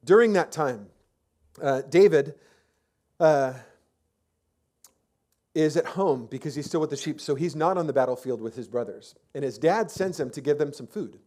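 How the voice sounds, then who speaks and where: A man's voice: on the high side, lively intonation, normal speed, pauses often, darkish tone. A man preaching a sermon as pastor, telling the story in a casual, chatty way with lots of fillers and restarts. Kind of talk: conversational sermon.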